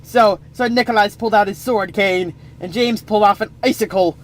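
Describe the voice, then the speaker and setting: A man's voice: high voice, a little fast. A man improvising a comic story, rambling with playful asides.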